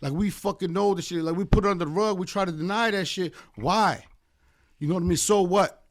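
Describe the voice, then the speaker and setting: Guest attorney, American man, higher register, passionate profane rant-style talk. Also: brisk. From United States. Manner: fervent, heavily profane, rambling with many fillers. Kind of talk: impassioned casual podcast chat.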